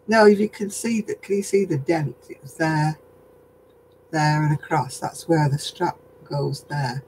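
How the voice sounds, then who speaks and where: An older woman from northern England with a softened regional accent, hosting a casual craft live stream, chatting with viewers and chuckling often. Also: low voice, steady tone, takes it slowly, pauses often, a little hiss or hum, low-quality recording. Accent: softened northern English. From Oldham, England. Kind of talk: casual chat answering viewer comments.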